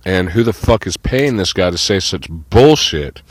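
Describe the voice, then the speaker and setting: Deep-voiced crude male co-host. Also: animated, moderate pace, a little hiss or hum. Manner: crude, profane, joking. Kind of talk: casual mocking commentary.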